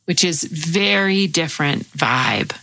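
A woman's voice: deep voice, animated, takes it slowly, vocal fry, low-quality recording. Reflective woman hosting a chat. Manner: warmly agreeing, reflective. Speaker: host. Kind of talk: casual chat.

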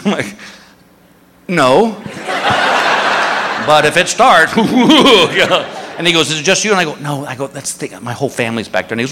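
Animated man telling a stand-up story. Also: on the high side, moderate pace, long pauses. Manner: animated, acts out voices, shouts for punchlines. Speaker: stand-up comedian. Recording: hall reverb with faint noise.

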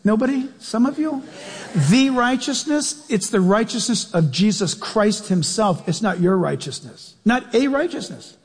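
A man preaching a sermon to his congregation, animated and playful, often firing questions straight at the listeners. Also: high voice, a little slow, slightly rough, in a large hall. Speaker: pastor.

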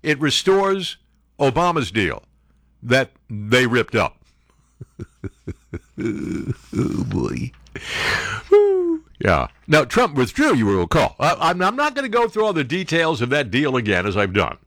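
A man's voice: mid-range voice, huge pitch swings, measured pace, a bit bright, no room sound, studio quality. An older man reading news and mocking it, acting out silly voices for the people he quotes. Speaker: political commentary host. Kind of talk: sarcastic news commentary.

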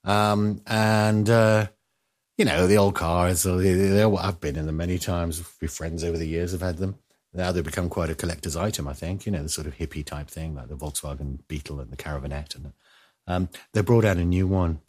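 A man with a fairly low voice hosts a casual news commentary. He rambles from point to point, drops jokey asides and often lets his words sink into a murmur. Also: steady tone, brisk, a little mellow.

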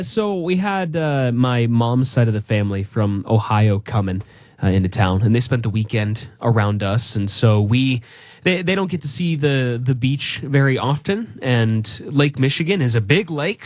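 A young man in a casual chat, talking in a relaxed, easygoing way with fillers. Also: medium pitch, normal speed, dry recording, studio quality.

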